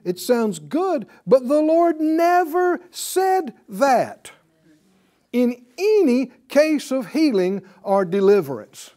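A man's voice: very high-pitched, very animated, takes it slowly, dark tone. A man teaching a Bible class, emphatic and fond of repeating key words and asking his listeners rhetorical questions.

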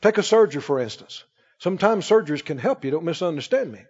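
A man pastor preaching a sermon emphatically, rising to shouts and dropping to quick asides. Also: on the high side, expressive, husky. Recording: dull sound with long church reverb.

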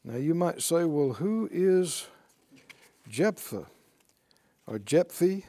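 Slow, earnest male Bible teacher. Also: a little high, expressive, dark tone. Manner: earnest, deliberate, rhetorical questions. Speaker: preacher.

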